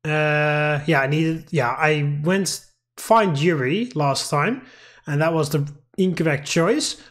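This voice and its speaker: A man's voice: on the high side, slow pace, a bit bright. A young man playing a visual novel, casually commenting and reading the game text aloud, getting exasperated and swearing at the story's choices. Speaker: let's play gamer.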